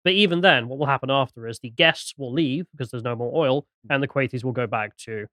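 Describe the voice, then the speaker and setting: A man's voice: medium pitch, quick pace, bright, forceful tone, dry recording, clean studio sound. A man co-hosting a casual political podcast, making wry, sarcastic asides. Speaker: podcast co-host.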